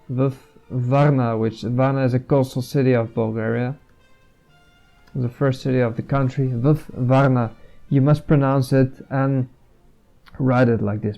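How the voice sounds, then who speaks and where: A Dutch man giving a casual language lesson, explaining slowly, repeating words and pausing with fillers. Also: mid-range voice, vocal fry, dark tone. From Netherlands. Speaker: language vlogger.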